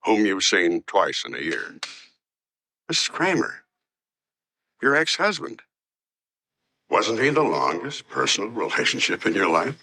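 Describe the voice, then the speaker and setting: A man's voice: deep voice, huge pitch swings, measured pace, pauses often, pushed and bright, full character voice. An actor playing a cold, probing male lawyer cross-examining a witness in a film courtroom scene, with pointed, needling questions.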